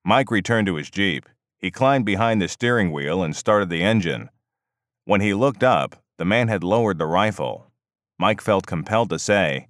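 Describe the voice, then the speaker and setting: Brief: male audiobook narrator, very deep voice, dry close sound, steady and measured. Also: no echo. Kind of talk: scripted narration.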